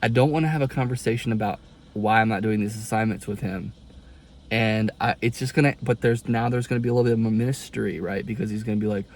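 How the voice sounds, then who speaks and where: Young male student, casual confession vlog, rambling and exasperated, gravelly mid-pitched voice. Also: fast, darkish tone. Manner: rambling and exasperated, folksy turns of phrase. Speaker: college student vlogger.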